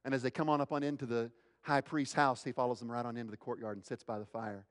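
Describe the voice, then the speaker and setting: A man's voice: fairly even intonation, quick pace, clear, resonant tone. Man preaching in a reverberant hall. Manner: dramatic, acts out quoted lines with big swings in pitch. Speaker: pastor. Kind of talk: sermon.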